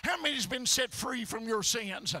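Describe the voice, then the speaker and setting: A male pastor preaching a fiery sermon in church, breaking into shouts and filling every pause with "uh, amen.". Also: extremely high pitch, expressive. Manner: shouting bursts, constant "uh, amen". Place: church sanctuary.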